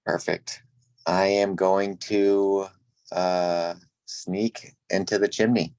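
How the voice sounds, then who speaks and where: A man plays a character in a tabletop game, talking slowly with ums and pauses as he works out his moves. His voice sits low and sounds dry and close. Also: little pitch movement, darkish tone, clear, resonant tone, dry recording. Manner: unhurried, hesitant, fillers. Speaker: player. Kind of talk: casual tabletop play.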